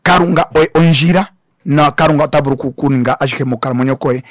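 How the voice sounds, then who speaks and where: A man's voice: on the high side, quick pace, no echo, clean studio sound. Fervent male pastor preaching on radio. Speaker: pastor, studio guest. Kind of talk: radio ministry broadcast. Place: radio studio.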